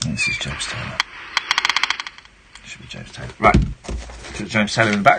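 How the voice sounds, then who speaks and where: A man's voice: lowish voice, big pitch swings, moderate pace, noisy background. A man hosting a late-night radio show, reading a book aloud on air and breaking off for playful asides. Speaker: radio host. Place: radio studio. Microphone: studio microphone.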